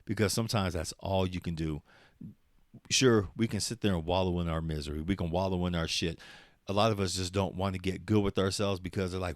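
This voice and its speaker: A man's voice: low voice, steady tone, brisk, no room sound, studio quality. A man hosting his own podcast, rambling in casual solo talk with lots of swearing and laughter, at times turning into a motivational pep talk. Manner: profane, rambling, laughs often. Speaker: podcast host.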